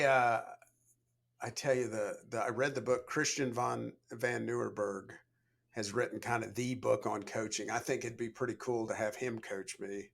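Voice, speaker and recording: Middle-aged man telling relaxed stories. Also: lowish voice, gravelly, husky. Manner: storytelling, relaxed, frequent "you know" fillers. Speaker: guest, leadership coach. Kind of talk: conversational podcast interview.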